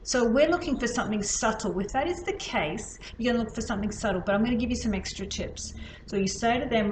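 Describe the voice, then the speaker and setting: A woman's voice: a little high, lively intonation, quick pace, a little hiss or hum. Chatty woman teaching in an echoey room. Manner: chatty, demonstrates as she explains. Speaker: healing instructor. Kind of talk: casual teaching demonstration. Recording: echoey room with faint ambience.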